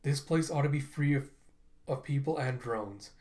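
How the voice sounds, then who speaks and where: A man's voice: mid-range voice, moderate pace, a little mellow, lightly acted. A man voicing a determined young adult male hero, reading the lines in a plain voice.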